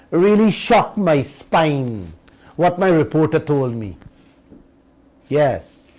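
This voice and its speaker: A man's voice: high-pitched, darkish tone, rough recording. A middle-aged man, hosting a radio show and giving an emphatic political commentary monologue straight to his listeners. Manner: emphatic, drawn-out words, addresses listeners as uncle and auntie.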